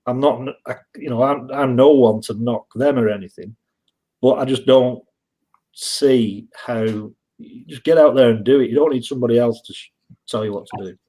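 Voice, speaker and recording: A man with a Northern English accent chats as a guest on a live-stream interview. He rambles through stories, stops and restarts his sentences, and his voice sits at an ordinary male pitch. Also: normal speed, warm tone, poor audio. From England. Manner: rambling anecdotes with frequent restarts. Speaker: guest reseller.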